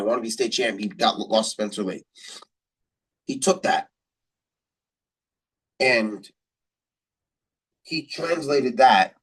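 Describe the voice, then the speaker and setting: Husky-voiced man talking sports from afar. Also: medium pitch, distant mic. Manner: rambling, repetitive, motivational, lots of "you know". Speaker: podcast host. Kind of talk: casual sports commentary.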